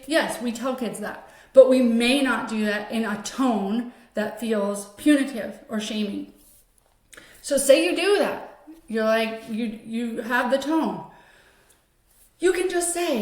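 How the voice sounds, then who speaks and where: An earnest woman with a fairly high voice, explaining an approach step by step. She acts out example phrases in a gentle, softer tone. The sound has a clear echo from the room around her. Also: measured pace. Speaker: host. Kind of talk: explanatory talk.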